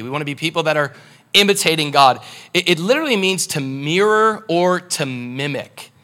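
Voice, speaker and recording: Bright-voiced man preaching casually. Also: a little high. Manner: casual and animated, with rhetorical questions to the congregation. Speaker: pastor. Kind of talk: conversational sermon.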